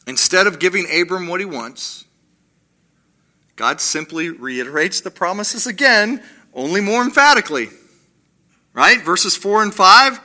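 In his sermon, a man of the cloth acts out quotations with energy and a rising pitch. He saves slow, soft delivery for the lines he most wants to land.

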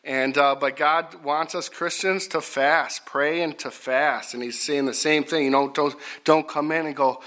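A middle-aged man preaching a folksy sermon, repetitive and rising to loud emphatic bursts. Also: fairly high pitch, steady tone, a little slow, hardly any pauses.

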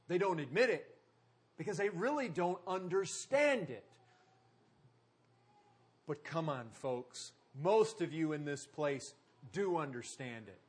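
A man preaching a sermon, driving points home with emphatic repetition and dramatic pauses. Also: sits high, husky. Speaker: pastor.

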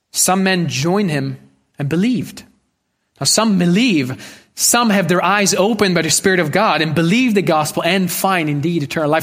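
A male preacher delivers a sermon with an earnest, pleading manner. He repeats his key phrases for emphasis, and his voice sits somewhat high for a man. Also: fairly bright tone.

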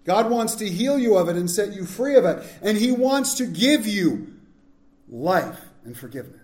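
A man pastor preaching a sermon, swinging between loud, emphatic lines and hushed, slow ones. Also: high voice, sing-song, roomy sound.

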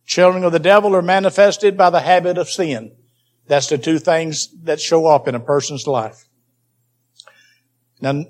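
A man preaching a Bible teaching sermon, emphatic and repeating key phrases for stress. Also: fairly high pitch.

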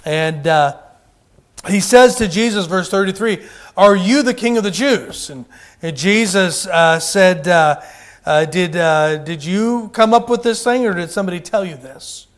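A man's voice: high voice, a little slow. A man preaching a sermon with fervor, calling out to the congregation and often restarting his sentences. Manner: fervent, calls out to the congregation, many restarts.

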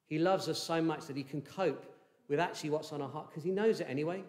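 A man preaching a sermon in an earnest, measured way, with fillers and restarts. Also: on the high side, a little mellow, roomy sound.

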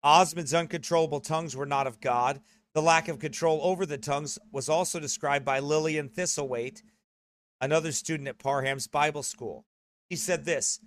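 A man's voice: fairly high pitch, moderate pace. A man preaching a sermon in a conversational, earnest way, often correcting himself.

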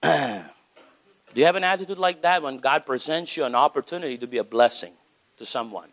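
A man preaching a sermon as pastor, animated, with wide swings in pitch for emphasis. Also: a little fast.

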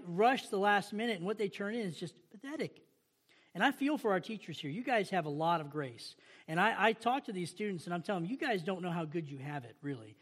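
A male pastor preaching a sermon, reading scripture aloud and asking the congregation rhetorical questions in a conversational way. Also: high voice.

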